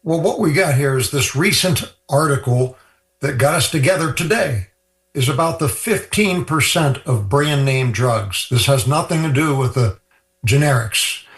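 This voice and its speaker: A man from Ireland, a guest on a radio show, calmly explaining drug prices in a matter-of-fact way. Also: mid-range voice, normal speed, echoey room. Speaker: healthcare cost guest.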